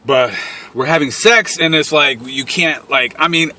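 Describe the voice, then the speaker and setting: A man's voice: fairly high pitch, measured pace, sharp tone. Foul-mouthed young man telling a story. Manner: profane, blunt storytelling. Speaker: vlogger. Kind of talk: casual storytime.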